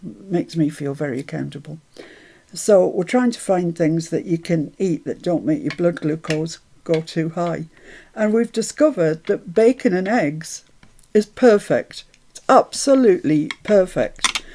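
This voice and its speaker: Woman chatting while she crafts, gravelly voice. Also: lowish voice, expressive, measured pace. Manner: chatty, greets viewers brightly, mutters to herself while working. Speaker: craft livestream host. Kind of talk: casual live chat while crafting.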